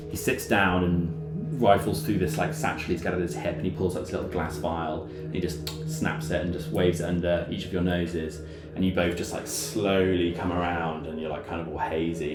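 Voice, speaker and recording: Low-voiced man running a tabletop game. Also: reverberant. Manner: rambling, many fillers. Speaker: game master.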